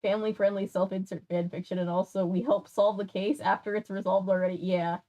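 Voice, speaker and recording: A woman's voice: mid-range voice, level tone, brisk, mellow. Young woman host, chatty reader, breaks off to joke with chat. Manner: chatty, joking asides. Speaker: streamer reading a kids' book. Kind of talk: casual read-aloud with chat asides.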